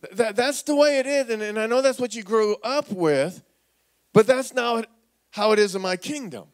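High-voiced, animated male pastor preaching. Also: normal speed. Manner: animated, prompts congregation to repeat words. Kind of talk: sermon. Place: church sanctuary.

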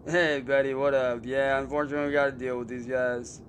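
A man's voice: medium pitch, brisk, slight background noise. Casual young man streaming a game. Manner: loose, swearing, mocks trolls, excitable about cars.

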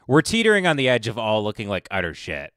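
A man's voice: on the low side, huge pitch swings, fast, fairly bright tone, dry recording, clean studio sound. A man hosting a live stream, mocking the people in a clip with sarcastic commentary. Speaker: stream host.

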